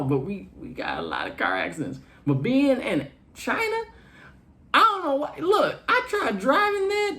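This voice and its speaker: A man's voice: high voice, fairly bright tone. A man doing a brash, slangy stand-up comedy set for an online show.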